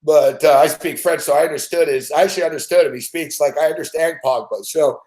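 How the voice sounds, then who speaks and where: A man's voice: a little high, fast. A man with a somewhat raised voice hosts a loose sports talk, getting worked up and swearing freely. He tosses in "dude" and "man" as he tells a story. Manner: excitable, swears a lot, says "dude" and "man". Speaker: show host. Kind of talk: casual profane sports chat.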